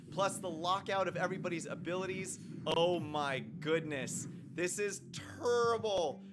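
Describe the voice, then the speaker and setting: A man hosting gameplay commentary who goes from calm explaining to loud shouting and cheering. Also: sits high. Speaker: YouTube game host. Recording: music playing behind the voice.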